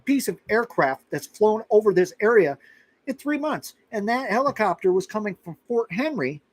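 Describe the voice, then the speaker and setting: A man's voice: sits high, big pitch swings, moderate pace, no echo, rough recording. Rambling middle-aged man chatting live. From Florida. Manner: rambling, conversational, with restarts and asides. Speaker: host of a live chat. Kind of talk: casual live-stream chat. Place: rural outpost in western Kentucky.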